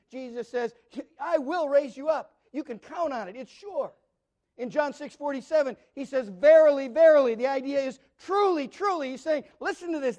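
A man's voice: very high-pitched, darkish tone. A man preaching a Bible study sermon in an earnest way, repeating words and posing rhetorical questions to his listeners.

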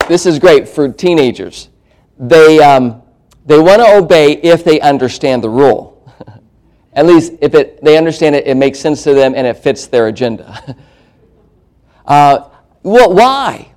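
A man preaching to a youth crowd in a church hall, his voice sitting a little high for a man. He talks animatedly and lively, dipping into squeaky put-on voices to act out parents and teens. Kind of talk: sermon to youth.

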